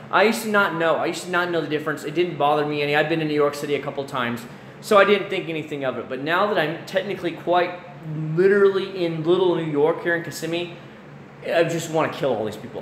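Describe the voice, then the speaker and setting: A man's voice: on the high side, fairly bright tone. A man hosting a casual livestream, ranting animatedly and swearing freely as he answers the chat. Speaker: livestream host. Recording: roomy echo, faint background noise.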